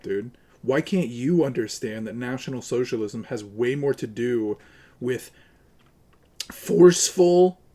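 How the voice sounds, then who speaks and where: A man's voice: mid-range voice, darkish tone. A man livestreaming, ranting to his chat in a profane, argumentative and sarcastic way. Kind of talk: casual live-stream rant to chat.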